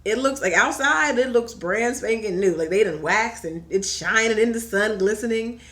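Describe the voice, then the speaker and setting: A woman from Virginia chatting on a podcast as a guest, telling a story in a lively way and acting out the voices she quotes. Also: a little high, normal speed. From Hampton Roads, Virginia. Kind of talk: casual chat.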